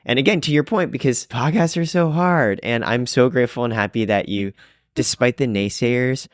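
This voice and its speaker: A young man co-hosting a podcast, chatting casually as a playful, animated storyteller. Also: mid-range voice, moderate pace, no echo, clean studio sound. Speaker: podcast co-host. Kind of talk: casual chat.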